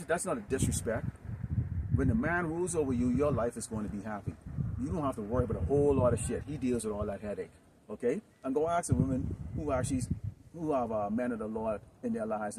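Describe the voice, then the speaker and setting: A man preaching in a rambling, improvised sermon, filling his talk with "okay?" and "you know" and swinging into loud outbursts. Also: mid-range voice, quick pace. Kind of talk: improvised street-camp sermon. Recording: distant mic with noisy background.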